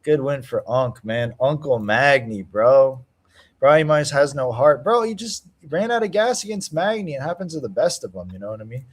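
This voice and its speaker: A young man hosting a stream chats casually about fight picks, heavy on slang, hyping and trash-talking with lively intonation and wide pitch swings at a normal speed. He shouts in loud cheers at fight moments when the action goes his way.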